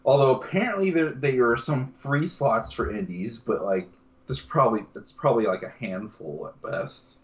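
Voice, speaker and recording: A man co-hosting a casual podcast, talking in quick, hesitant bursts and correcting himself as he goes. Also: medium pitch. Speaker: podcast co-host. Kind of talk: casual live-stream podcast chat. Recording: dull lo-fi remote audio.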